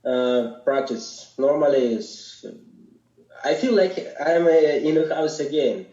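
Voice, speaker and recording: A man's voice: a little high, slow, dark tone, reverberant, dull audio. A man who is a guest musician, giving brief, hesitant answers in a casual interview over a video call. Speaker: guest accordionist.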